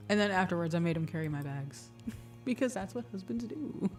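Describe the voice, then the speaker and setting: A woman streamer with a medium-pitched, slightly mellow voice chats casually, laughing often and swearing freely. The mic is distant, with faint music in the background.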